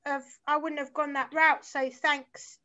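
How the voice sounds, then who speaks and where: A woman's voice: high voice, level tone, measured pace, a crowd in the background. A woman in her forties with a London accent, a guest chatting in a rambling, sweary, enthusiastic way. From South London, England. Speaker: guest musician. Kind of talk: casual chat. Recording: slightly muffled lo-fi sound.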